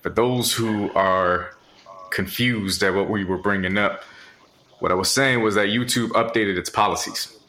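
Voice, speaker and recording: Male podcast co-host, low voice with a bright edge, relaxed drawling chat. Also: unhurried, slight background noise. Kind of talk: casual comedic podcast chat.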